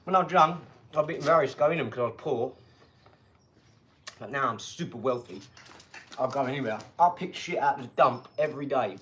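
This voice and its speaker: A man hosting a casual live stream from his home garage, talking in an energetic, rambling, chatty way. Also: medium pitch, brisk, pauses often. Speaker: livestream host.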